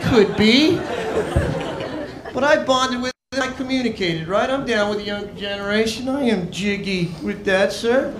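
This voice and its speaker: A man from Arizona works a comedy club stage with a brash, mocking, punchy stand-up delivery. His voice sits high for a man and rings around an echoey room. A loud crowd laughs behind him. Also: a little slow, background noise.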